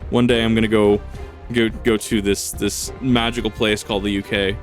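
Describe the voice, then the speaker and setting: A man's voice: fairly low pitch, flat delivery, normal speed, soft background music. A man casually commenting while playing a video game, rambling, joking, laughing often and swearing. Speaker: gaming channel host. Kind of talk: casual let's-play commentary.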